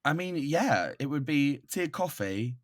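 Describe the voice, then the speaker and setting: A man from Brighton with an English accent, a guest on a podcast, chatting casually with hesitant pauses and playful teasing. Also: on the high side, big pitch swings. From Brighton, England. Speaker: guest drag performer.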